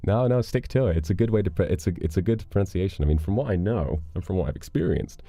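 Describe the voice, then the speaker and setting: Here a low-pitched British man talks fast while hosting a livestream, casually chatting with viewers and reading their donations aloud with thanks. He's relaxed, playful and chatty, prone to dramatic flourishes, and the recording is dry.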